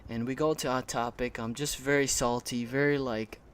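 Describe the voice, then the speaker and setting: A man telling a heated, animated story about a bad collecting experience, his voice shaking with anger and peppered with swearing. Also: medium pitch, normal speed, a little hiss or hum. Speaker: collector vlogger. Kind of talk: casual storytime.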